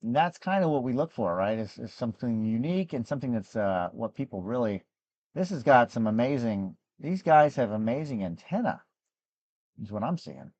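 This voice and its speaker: A hoarse man, losing his voice, hosts a live gem and fossil sales show in a rambling, chatty way with frequent restarts. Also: medium pitch, animated, normal speed, a little mellow, no room sound, lo-fi sound. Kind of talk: casual live-stream sales chat.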